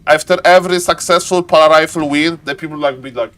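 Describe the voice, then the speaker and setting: A man giving live esports commentary, excitable and playful, bursting into high exclamations and joking asides. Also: quick pace, few pauses. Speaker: game caster.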